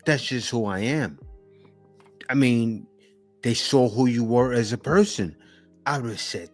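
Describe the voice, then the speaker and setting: A man hosting a reaction video, commenting in a mocking, animated way and laughing between remarks. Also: mid-range voice, unhurried, pauses often, soft background music.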